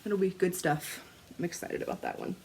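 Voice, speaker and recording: A woman's voice: fairly low pitch, a little fast, gravelly, a little hiss or hum. A woman, chatting casually to camera as a crafting vlogger, telling stories with laughs, swearing and acted-out quotes. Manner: animated storytelling, swearing, laughing, acting out quotes.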